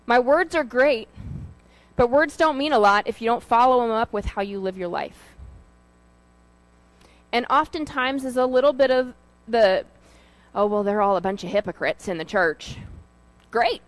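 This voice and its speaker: On a rough recording, a woman with a fairly high voice delivers an informal sermon as a lay preacher. Her style is conversational storytelling, loaded with fillers and asides.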